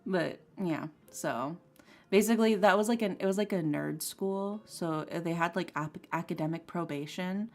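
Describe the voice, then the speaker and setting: A woman's voice: on the low side, moderate pace. A young woman streaming as she draws, chatting casually and rambling through her story with lots of "like" and "um". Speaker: streaming artist. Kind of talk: casual chat while drawing. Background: soft lo-fi music.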